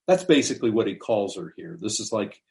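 A man's voice: fairly low pitch, expressive, brisk, gravelly, darkish tone. A man preaching a sermon in a conversational way, asking rhetorical questions and acting out quoted lines.

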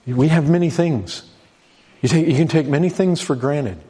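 A middle-aged man gives a sermon in a voice pitched a bit high for a man. He talks it through in a loose, conversational way, often restarting and repeating words. When he reads scripture aloud he presses it with rising urgency. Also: normal speed, warm tone, breathy edge. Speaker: pastor.

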